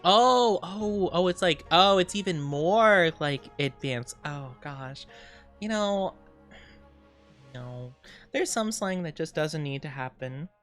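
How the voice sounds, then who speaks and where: A woman's voice: lowish voice, expressive, takes it slowly, faint music behind. A woman in her twenties chatting casually on stream, rambling and giggling often, and playing around with silly voices. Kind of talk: casual chat.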